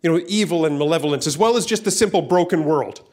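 The man's voice is fairly high and a little mellow, and he speaks fast. Preaching as pastor to people in the church room and watching online, he talks casually, frequently repeats words, and acts out voices as he tells stories.

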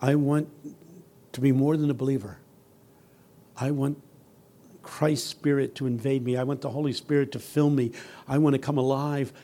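A man giving a sermon as a guest preacher, telling humorous stories that build from quiet, earnest passages to loud, shouting ones. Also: medium pitch, level tone, moderate pace, long pauses. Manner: humorous, teasing the audience.

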